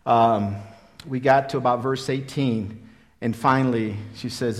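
A man in his fifties preaching a sermon, telling his own story in an earnest, repetitive way that swings from loud emphasis to quiet. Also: medium pitch, steady tone, unhurried. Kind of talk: sermon with personal testimony.

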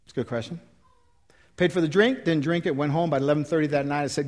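A man in his fifties preaching a sermon and leading an altar call, emphatic and swinging from loud exhortation to quiet pleading. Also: a little high, fast talker. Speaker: pastor.

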